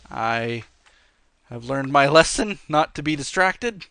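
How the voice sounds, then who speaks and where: A man's voice: on the high side, lively intonation, slow pace, creaky, sharp tone. A man hosting a let's play, chatting casually and rambling through viewer questions while he plays. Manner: rambling, easygoing, with many fillers. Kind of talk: casual gameplay commentary with viewer Q&A.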